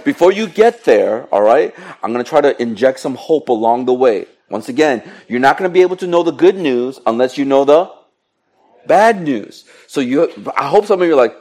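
A middle-aged man preaching a sermon in a lively, joking way with playful asides to the congregation. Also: medium pitch, brisk. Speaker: pastor.

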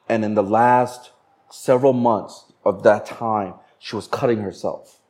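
A male pastor telling a story in a sermon, animated and swinging between raised and hushed delivery. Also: on the low side.

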